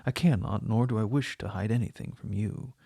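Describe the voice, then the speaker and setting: An anxious young noblewoman, as a male reader puts her on, speaking rapidly and tensely. The delivery carries a gravelly, husky grain in a dry, close recording. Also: fairly low pitch, mellow, no room sound. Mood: agitated.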